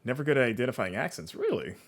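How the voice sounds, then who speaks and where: A man from Florida with a non-regional American accent, chatting casually while streaming gameplay and reacting out loud to what happens. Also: medium pitch, very animated, racing, vocal fry. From Florida, USA. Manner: chatty, rambling, reacts aloud to the game.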